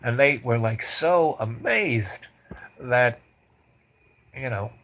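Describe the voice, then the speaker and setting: A man's voice: mid-range voice, expressive, slow, a bit bright. Male host, rambling casual storyteller, blunt and loose, mid-range voice. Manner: rambling, with many restarts and asides. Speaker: podcast host.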